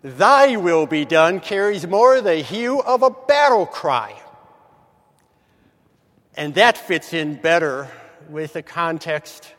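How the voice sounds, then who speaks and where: A man giving a morning devotional reflection, measured and emphatic, slowly stretching key words. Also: high voice, fairly bright tone, in a large hall.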